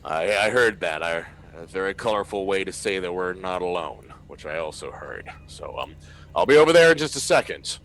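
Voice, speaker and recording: A man voicing a hurried male crewmate in a tabletop game. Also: low voice, sing-song, a bit bright, heavily acted. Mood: busy.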